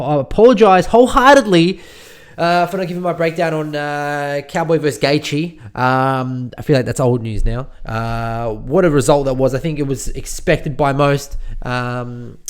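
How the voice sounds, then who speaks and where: An Australian man hosts a solo podcast recap, chatting loosely and cracking jokes as he goes. His voice sits a little on the high side, and his talk is full of "uh"s and restarts. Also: clean tone. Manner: rambling and jokey, with many fillers and restarts. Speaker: podcast host.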